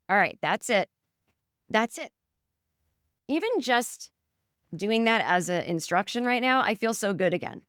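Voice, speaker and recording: Smooth, dry-voiced woman podcast host. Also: mid-range voice, dry recording. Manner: chatty, earnest, talks herself through exercises in third person. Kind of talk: guided self-help talk.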